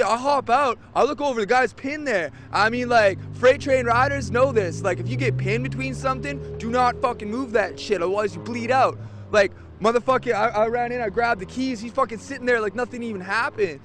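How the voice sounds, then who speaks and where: A man's voice: very high voice, a little fast, a bit bright, faint music behind. A man speaking as an eyewitness in an outdoor news interview, telling a rambling story full of profanity.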